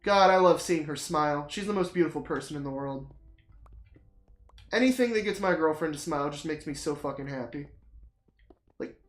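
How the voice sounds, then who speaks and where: Swear-happy streamer ranting big and dramatic, mid pitch, roomy echo. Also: normal speed, long pauses, faint music behind. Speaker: streamer chatting to viewers. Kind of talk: casual rambling chat while playing a game.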